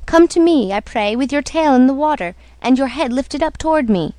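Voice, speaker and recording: A woman's voice: fairly high pitch, lively intonation, brisk, a little mellow, no room sound, lightly acted. Meek old fisherman, quavery and pleading, storybook, woman reading. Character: poor, timid old fisherman.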